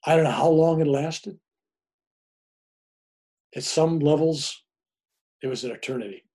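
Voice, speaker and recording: With a fairly high pitch and a slightly slow delivery, an older male guest who is a reverend recounts a lengthy personal story in a relaxed way. He brings it to life by acting out each quoted voice.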